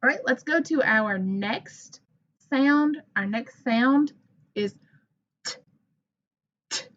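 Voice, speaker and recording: Slow, clear woman teaching phonics. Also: a little high, a bit bright, dull audio. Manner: slow, clear, encouraging teacher talk with modeled sounds. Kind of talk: teaching a phonics lesson to children.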